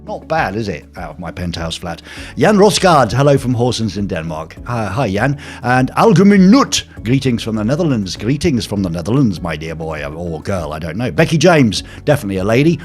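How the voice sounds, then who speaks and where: Male host, live home stream, animated up-and-down delivery, rambling jokey chat with viewers. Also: mid-range voice, a little fast, slightly rough, soft background music. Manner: rambling, jokey, lots of fillers. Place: home penthouse flat.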